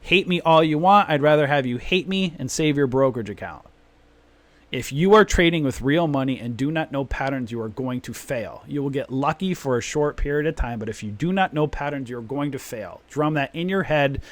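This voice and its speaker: A man's voice: medium pitch, expressive, fairly quick, no room sound. A man hosting a live trading stream, talking emphatically and repeating his points in a long rant. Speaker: trading room host.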